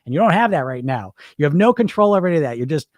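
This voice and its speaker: A man's voice: a little high, rapid-fire, no room sound, studio quality. A middle-aged man hosting a weight loss podcast, talking casually and bluntly with plenty of swearing, and acting out the voices in people's heads. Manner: animated, profane, acts out inner voices. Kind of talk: casual motivational talk.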